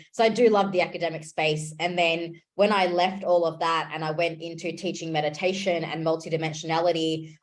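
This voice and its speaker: A woman in her thirties giving a casual, chatty life update to camera, enthusiastic and often restarting her sentences. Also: sits low. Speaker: vlogger and interviewer.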